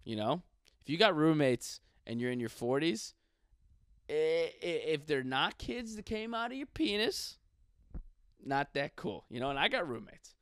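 A man's voice: a little high, big pitch swings, a little slow, clear, resonant tone, no room sound, studio quality. Profane young man on a comic rant. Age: 20s. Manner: ranting, profane, casual slangy delivery. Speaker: stand-up comedian.

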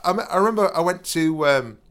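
Animated man, lively storytelling voice. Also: a little high, a little fast. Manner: animated, stammering restarts, frequent "you know what I mean". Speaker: podcast co-host. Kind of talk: casual storytelling chat.

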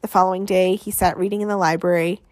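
Expressive woman reading an audiobook. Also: fairly low pitch, no echo, studio quality. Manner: measured and expressive, with dramatic pauses. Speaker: audiobook narrator. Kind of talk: scripted audiobook narration.

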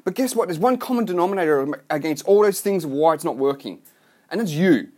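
A man's voice: fairly high pitch, lively intonation, a little fast, warm tone. A man delivering a blunt, profane, rambling rant to his online business followers. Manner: rambling with restarts. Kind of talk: ranting vlog monologue.

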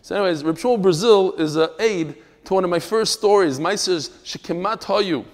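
A male rabbi gives a lively class, slipping from storytelling into textual explanation with emphatic asides. His voice sits somewhat high for a man, and a long reverb trails his words as though he is in a hall. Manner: animated, emphatic, with quick asides. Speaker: rabbi teaching a daily Talmud class.

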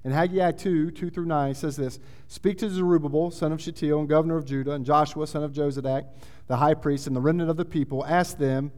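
A man's voice: fairly high pitch, steady tone, a little fast, a little mellow. A man preaching a sermon, reading scripture aloud and building in intensity. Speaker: pastor. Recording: long hall reverb.

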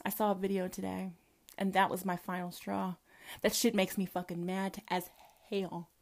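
A woman commentator with a Southern American accent, from the Southern United States, unleashes a swear-filled, combative religious rant to camera full of rhetorical questions. She speaks at normal speed in a medium-pitched, level voice with vocal fry.

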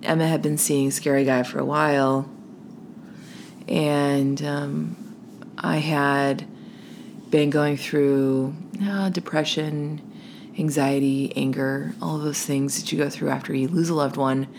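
A woman hosting a podcast, telling a personal story and dropping into a hushed, whispery voice at the tense parts. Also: deep voice, steady tone, slow, creaky, slight background noise.

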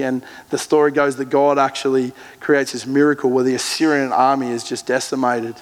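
A man preaching a sermon, retelling scripture with earnest emphasis and slow, measured readings. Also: medium pitch, little pitch movement, big-room sound. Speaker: pastor.

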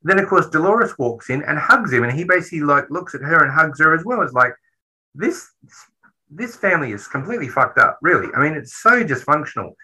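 A man's voice: fairly high pitch, big pitch swings, brisk, bright, forceful tone, slightly rough, rough recording. A man casually recapping a horror film with a co-host, rambling and swearing freely as he talks. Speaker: podcast co-host.

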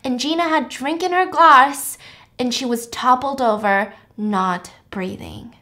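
A woman podcast host retelling a film plot in a chatty, animated way, moving between hushed and loud. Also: sits high, moderate pace. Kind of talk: casual storytelling of a film plot.

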